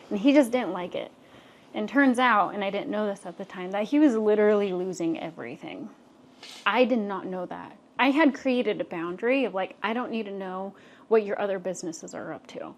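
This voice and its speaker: A young adult woman co-hosting a podcast tells a personal story casually and animatedly, using many fillers. Her pitch is medium and her speed normal.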